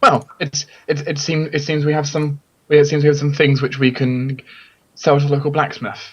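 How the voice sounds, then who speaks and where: A young man playing a tabletop game, chatting quickly and often repeating himself as he starts his sentences. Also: on the high side, level tone, husky, highs cut off. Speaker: player. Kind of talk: casual tabletop game chat.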